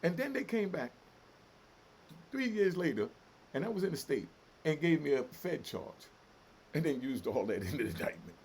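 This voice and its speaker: A man's voice: fairly high pitch, very animated, normal speed, gravelly, pauses often, darkish tone, slight background noise. A middle-aged man hosting a commentary channel, delivering fiery, emotional, profane street talk in a heated solo rant.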